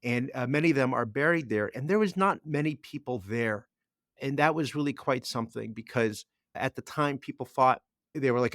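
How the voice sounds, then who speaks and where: Speaking at an ordinary speed in a mid-range, slightly bright voice, a middle-aged co-host rambles on a casual podcast. His long story is full of restarts and repeated words. The recording is dry, with clean studio sound.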